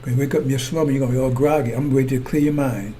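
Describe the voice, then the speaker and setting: Speaking very fast with a dark, medium-pitched voice and fairly even intonation, this man preaches over a little hiss or hum. He circles back repeatedly and checks with his brothers and sisters that they're following.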